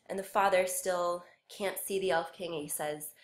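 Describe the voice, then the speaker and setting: A woman's voice: low-pitched, lively intonation, moderate pace, few pauses, echoey room. A woman music instructor giving a recorded lecture, explaining a piece patiently.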